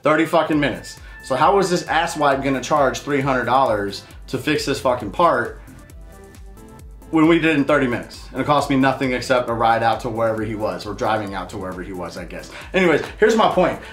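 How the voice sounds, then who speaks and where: A man's voice: mid-range voice, lively intonation, brisk, a bit bright, reverberant, soft background music. A man hosting his show, telling a heated, profane story in a casual rant. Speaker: show host. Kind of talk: casual ranting monologue.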